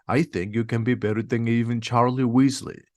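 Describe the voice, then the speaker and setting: A man's voice: mid-range voice, steady tone, moderate pace, a little mellow, dry recording, studio quality, natural voice. A man voicing an upbeat, confident young male sports captain in an audiobook reading.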